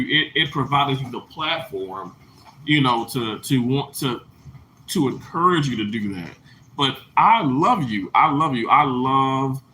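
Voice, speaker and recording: A man streaming live to his viewers in casual, earnest chat, rambling with restarts and soft laughs. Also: on the high side, slight background noise, low-quality recording. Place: indoors under lights at daybreak.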